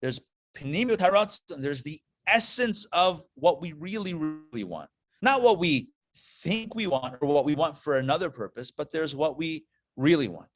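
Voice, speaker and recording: A rabbi teaching a live class in a lively, storytelling way. His voice sits a little higher than most men's and swings widely in pitch. He keeps it conversational and often stops to check that his listeners are following. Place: live class before an audience.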